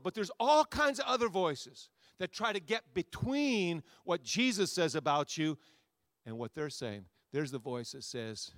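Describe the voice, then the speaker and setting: A man, a pastor, preaching a sermon to his congregation, with a repetitive, rousing cadence that swings between loud soaring lines and quiet asides. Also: on the high side, animated, measured pace, no echo, studio quality. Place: church sanctuary before a congregation.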